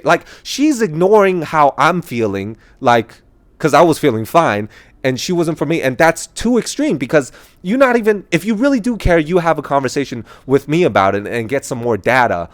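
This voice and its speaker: A man talking casually about his own views, laughing as he goes and jumping into other people's voices. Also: a little high. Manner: animated, laughing, quick quoted voices. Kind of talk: casual opinion monologue.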